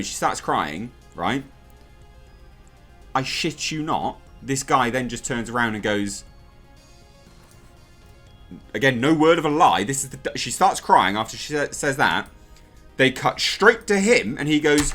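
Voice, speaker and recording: A man's voice: mid-range voice, animated, a little slow, fairly bright tone, faint music behind. A man reviewing a TV episode in a casual, sarcastic and exasperated rant.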